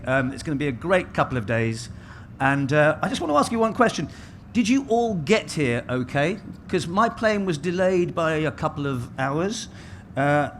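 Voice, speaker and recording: A man's voice: on the high side, a little hiss or hum. A middle-aged man hosting a conference as master of ceremonies, chatty and self-mocking, speaking into a stage microphone in a large hall. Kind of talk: conference welcome speech.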